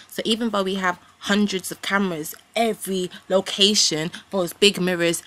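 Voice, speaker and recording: A woman's voice: medium pitch, fairly even intonation, moderate pace, hardly any pauses, a bit bright. A young woman, ranting in a rambling, indignant way with casual slang as a vlogger. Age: young adult. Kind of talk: ranting to camera.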